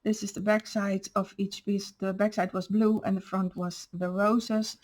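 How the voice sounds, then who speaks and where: A woman's voice: medium pitch, level tone, unhurried, darkish tone, slight background noise. A woman hosting a craft channel, patiently explaining step by step how she made each paper piece. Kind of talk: crafting show-and-tell.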